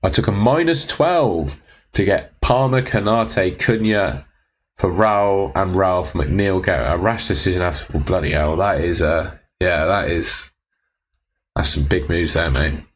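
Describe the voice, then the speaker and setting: A man's voice: sits low, measured pace. A young man casually answering viewers' fantasy football questions on a live stream, laid-back and teasing.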